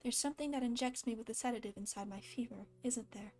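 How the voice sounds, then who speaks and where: A woman's voice: a little high, quick pace, a little mellow. A woman voicing a desperate, guarded male skeleton hero in a fan story reading, with a slight lisp. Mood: bitter.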